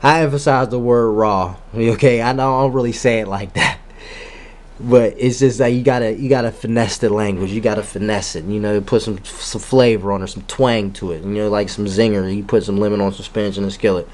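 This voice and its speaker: A man's voice: fairly low pitch, fairly even intonation, brisk, a little mellow. A man giving a rambling metaphysical monologue, full of rhetorical questions and casual street slang. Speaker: spiritual vlogger.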